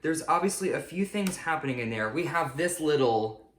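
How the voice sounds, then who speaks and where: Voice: mid-range voice, lively intonation, moderate pace. Chatty singer in a roomy space. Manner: chatty, upbeat, self-mocking. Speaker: singer-songwriter. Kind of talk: casual behind-the-scenes chat. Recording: roomy echo.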